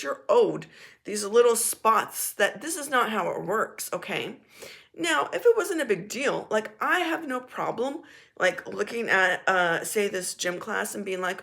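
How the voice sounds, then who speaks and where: A woman vlogger telling a casual story in a frank, animated and blunt way, now and then swearing. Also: medium pitch, unhurried, vocal fry.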